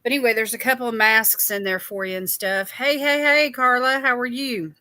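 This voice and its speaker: Woman hosting a skincare stream, bright and a touch high, chatty and a bit tired, dry close sound. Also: brisk, dry recording. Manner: chatty, greets viewers by name. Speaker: skincare livestream host. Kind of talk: casual livestream chat.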